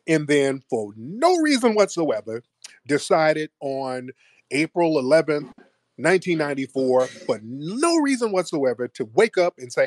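A man's voice: fairly high pitch, big pitch swings, moderate pace, dry recording. A man hosting a heated debate, pressing his points insistently. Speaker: host.

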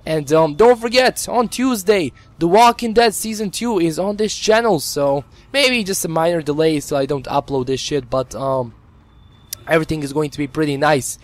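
A man hosting a gameplay video with a strained voice, giving excitable, casual commentary and swearing freely. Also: a little high, moderate pace. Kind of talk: casual let's-play commentary.

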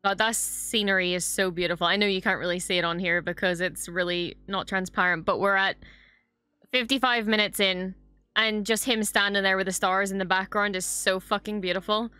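A woman's voice: mid-range voice, fairly even intonation, fairly quick, bright, forceful tone, clean tone, no room sound. A young woman hosting a reaction video, chatting casually and expressively, swearing often and gushing over what she watches.

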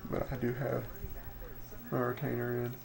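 Tired young man with a lisp, gravelly and low-key. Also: monotone, moderate pace, crowd noise, low-quality recording. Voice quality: slight lisp from a retainer. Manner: quiet, tired, unenthusiastic. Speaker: daily vlogger. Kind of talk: casual vlog talk to camera. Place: at home.

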